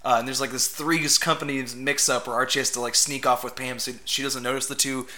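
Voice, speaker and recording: A man's voice: medium pitch, level tone, brisk, bright, forceful tone. A man co-hosting a podcast, casually recapping a movie in an easygoing, wry way. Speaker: podcast co-host. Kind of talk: casual movie-review chat.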